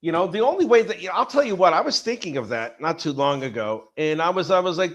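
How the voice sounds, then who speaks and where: A man with a fairly high voice chatting casually on a podcast. He rambles, swears freely and jumps into acted-out quotes as he tells a story. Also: lively intonation, quick pace, few pauses, dull audio. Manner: profane, rambling storyteller who acts out quotes. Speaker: podcast co-host. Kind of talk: casual chat.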